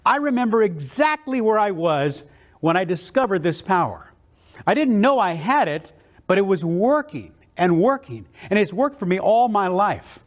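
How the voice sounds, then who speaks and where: Guy from south texas doing a motivational talk, really animated, swoops up and down a lot. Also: sits high, moderate pace. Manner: animated and enthusiastic storyteller. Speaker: motivational keynote speaker. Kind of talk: motivational storytelling speech.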